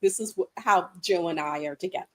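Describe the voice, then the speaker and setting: A woman co-hosting a casual chat, animated and laughing often. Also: on the low side, fairly quick. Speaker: co-host.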